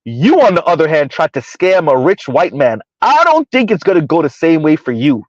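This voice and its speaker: Blunt, mocking high-voiced man. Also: sing-song, moderate pace, no echo. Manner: blunt, mocking, laughs often. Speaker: online commentator. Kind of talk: live-stream commentary reading chat. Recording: dull lo-fi dry sound.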